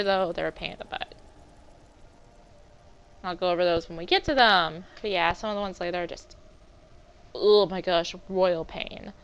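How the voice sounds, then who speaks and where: A woman's voice: mid-range voice, a bit bright, clear, resonant tone, muffled recording. A young woman giving casual, chatty let's-play commentary, self-deprecating and full of exclamations. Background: game music.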